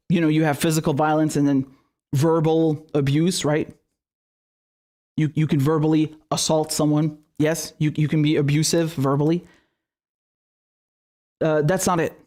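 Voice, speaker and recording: High-ish voiced guy doing an angry political rant, cussing a lot, tripping on his words. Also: darkish tone. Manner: heated, profane, stumbling over words. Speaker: political commentator. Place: indoor room with a globe behind him.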